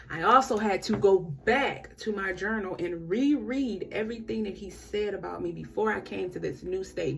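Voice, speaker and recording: Woman telling a story, expressive. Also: medium pitch, gravelly. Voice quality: expressive, acts out conversations with quoted voices. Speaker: vlogger. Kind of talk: casual storytelling vlog.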